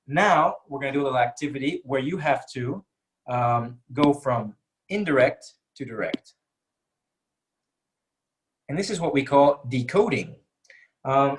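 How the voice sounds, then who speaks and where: Male teacher, mid-range voice, relaxed live-webinar delivery that quizzes listeners as he goes. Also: mid-range voice. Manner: conversational, asks the audience questions, many fillers. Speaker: English teacher.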